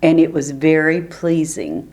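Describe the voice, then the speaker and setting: Older woman, lower voice, chatty stories. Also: very animated, a little slow, a little mellow. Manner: chatty, laughs often while telling stories. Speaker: oral history interviewee. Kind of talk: relaxed storytelling.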